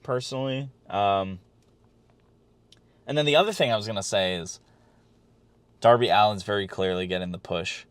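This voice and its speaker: A man's voice: lowish voice, normal speed, pauses often, clear, resonant tone, dry recording. A man co-hosting a podcast, chatting casually and rambling a bit, with fillers and the odd swear. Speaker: podcast co-host. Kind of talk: casual wrestling chat.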